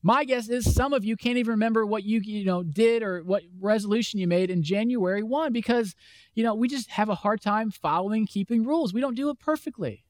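A man's voice: high-pitched, brisk, no echo. A man preaching a conversational sermon as a pastor, acting out the questions of imagined listeners. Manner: conversational, acts out imagined voices.

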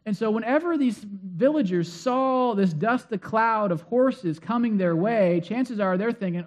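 A man's voice: high voice, animated, a little slow, few pauses. A male pastor preaching a sermon in a conversational, storytelling way with frequent fillers.

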